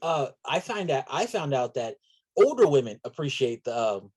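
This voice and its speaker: A man as a podcast guest in a casual chat, talking in a relaxed, hesitant way with many fillers. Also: mid-range voice, moderate pace, breathy edge.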